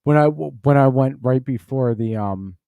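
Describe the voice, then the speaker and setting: A man's voice: mid-range voice, moderate pace, smooth, no room sound, narrow, tinny audio. A tipsy man hosting a comedy podcast from home, rambling, stumbling over his words and cursing as he reacts to a news clip. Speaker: podcast host. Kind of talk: casual comedic commentary.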